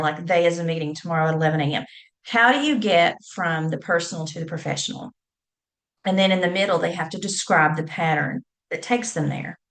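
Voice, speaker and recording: Here a scholar who teaches public speaking gives a lengthy academic explanation, spelling out words one letter at a time. She speaks with a fairly low pitch and a fairly bright tone.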